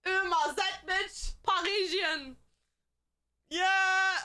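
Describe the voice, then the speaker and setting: A woman's voice: very high-pitched, fairly even intonation, extremely slow, sharp tone, voice pushed up, heavily acted. Woman playing an over-the-top snooty Parisian. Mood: theatrical. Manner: exaggerated, theatrical, brash. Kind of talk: comic bit on a livestream.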